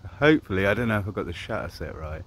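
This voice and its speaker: Deep-voiced Englishman vlogging outdoors. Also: animated, very fast, a bit bright, a little hiss or hum. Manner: chatty, laid-back commentary while walking outdoors. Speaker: vlogger filming drone flights. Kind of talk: casual self-narrated vlog. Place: outdoors by a river at sunset. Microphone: camera mic, exposed to wind.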